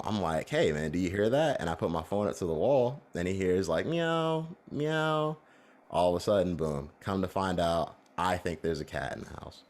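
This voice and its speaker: A man co-hosting a podcast, telling a long story in a casual, rambling way with lots of fillers. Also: low-pitched. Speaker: podcast co-host.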